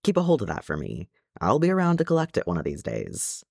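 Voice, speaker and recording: A man's voice: on the low side, wildly swooping pitch, quick pace, gravelly, darkish tone, no echo, clean studio sound, full character voice. A man voicing a cheery, easygoing male dwarf with a jaunty, lilting way of talking.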